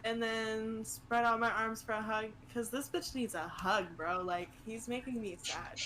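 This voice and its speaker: A woman playing in a tabletop game, animated and rambling, swearing freely. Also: on the high side, a little slow, background noise. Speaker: player. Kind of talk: casual tabletop play.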